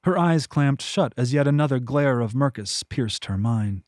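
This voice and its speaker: A man narrates his fantasy novel in a measured, even storytelling voice. His pitch sits in an ordinary middle range, and the recording is close and dry with no room sound. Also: no room sound. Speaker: audiobook narrator. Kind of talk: scripted narration.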